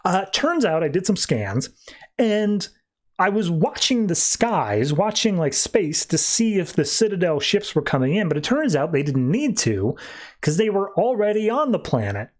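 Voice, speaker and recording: A man's voice: fairly high pitch, animated, quick pace, hardly any pauses, a little mellow, close to an everyday voice. A man voicing a scatterbrained male robot doctor who rambles distractedly while retelling a comic story. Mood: dithering.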